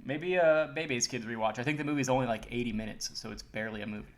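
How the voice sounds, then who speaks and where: A man's voice: medium pitch, quick pace. A man co-hosting a podcast in casual chat, talking in tangents filled with "like". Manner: chatty, tangent-prone, with frequent "like". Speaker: podcast co-host.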